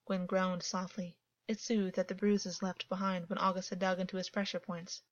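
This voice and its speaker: A woman reading fiction aloud as a narrator, calm and even in her storytelling. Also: fairly low pitch, moderate pace, no echo. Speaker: audiobook narrator. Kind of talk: scripted narration. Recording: dull, dry, lo-fi.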